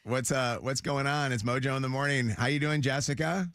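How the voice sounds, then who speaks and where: A man's voice: medium pitch, steady tone, a little fast, very noisy. A man hosting a morning radio show, joking around and taking callers in casual banter. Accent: Midwestern American. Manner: joking, chatty, takes callers.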